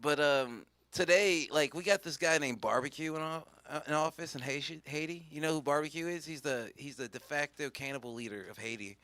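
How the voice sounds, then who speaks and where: A man's voice: a little high, brisk, few pauses, pushed and bright, no echo. A man doing a rambling, profane stand-up set, mocking himself as he goes. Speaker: stand-up comedian.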